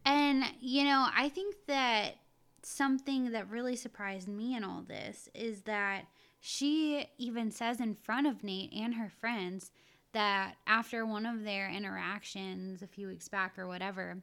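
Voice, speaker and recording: A woman co-hosting a podcast, giving emphatic, animated opinions on a dating show in casual talk. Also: mid-range voice, unhurried, vocal fry, clean tone. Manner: animated, emphatic, sometimes teasing. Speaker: podcast co-host. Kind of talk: casual recap chat.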